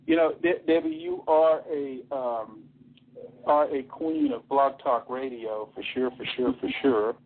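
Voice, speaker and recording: A man chatting as a regular on a talk radio show, halting and full of fillers. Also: mid-range voice, slight background noise. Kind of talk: casual chat. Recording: tinny phone-line radio broadcast.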